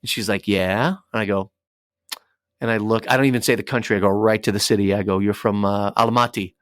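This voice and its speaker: A man, a radio DJ, chatting as a podcast guest and telling lively stories with acted-out dialogue. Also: lowish voice, a little fast, dry recording, clean studio sound. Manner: animated storyteller acting out dialogue. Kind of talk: casual podcast interview.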